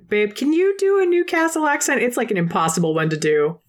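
A woman's voice: on the low side, very animated, quick pace, few pauses. A woman hosting a podcast, recapping with sardonic, profane asides. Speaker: podcast host. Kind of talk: casual chat and recap.

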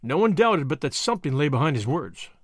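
Male narrator, expressive, lively pitch, dry close-miked sound. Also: brisk, dry recording. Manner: expressive storytelling. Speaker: audiobook narrator. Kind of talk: scripted narration.

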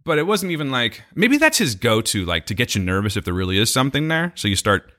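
A young man rambles through a story in casual podcast chat, cursing and laughing as he goes. His voice sits at a middling pitch but swings widely. It has a bright, forceful edge. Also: very animated, fast talker. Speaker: podcast co-host.

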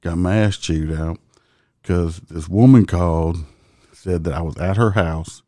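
A man's voice: deep voice, a little slow, mellow, no echo, clean studio sound. A man, a host telling a casual, profane story and laughing as he goes. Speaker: podcast host and police officer.

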